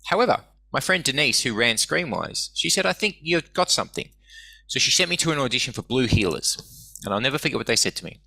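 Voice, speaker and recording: A man's voice: medium pitch, fast talker, creaky, no room sound. A man, a guest telling casual stories with lots of swearing and acted-out quotes. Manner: swearing, animated anecdotes acting out quoted voices. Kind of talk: casual storytelling.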